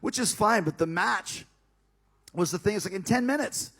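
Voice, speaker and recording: A man casually telling a backstage story, animated and profane, acting out the other people's lines. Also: sits high, moderate pace. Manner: animated and profane, acts out dialogue.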